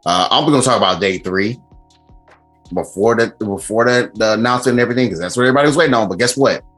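A man hosting a podcast in casual chat, animated and profane, laughing often. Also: fairly low pitch, fast talker, soft background music. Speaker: podcast host.

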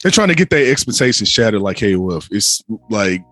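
Relaxed co-host with a lively pitch. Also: male voice, brisk, soft background music. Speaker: podcast co-host. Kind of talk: casual chat.

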